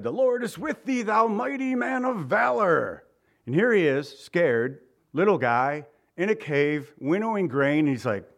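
Middle-aged pastor preaching in a joking, informal manner. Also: male voice, fairly high pitch. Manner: informal and joking, with chuckles and asides. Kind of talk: conversational sermon.

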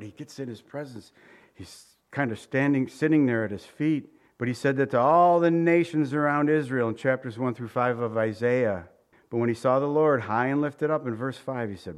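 A male pastor preaching an expository sermon in a conversational, animated way, often asking his listeners questions. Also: mid-range voice, normal speed.

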